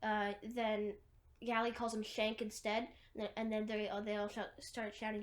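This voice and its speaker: A woman's voice: on the high side, flat delivery, normal speed. A woman casually retelling a movie's plot, rambling with lots of fillers and restarts. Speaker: movie recapper.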